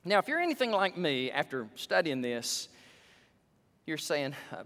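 A male pastor preaching a sermon, his voice surging up for emphasis and dropping low. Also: big pitch swings, a little slow, a bit bright. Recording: long hall reverb.

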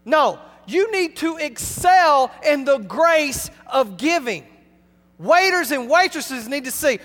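High-voiced pastor preaching in a reverberant hall. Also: male voice, sing-song, unhurried. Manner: emphatic, preacherly, swings between loud and hushed. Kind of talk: sermon. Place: church sanctuary.

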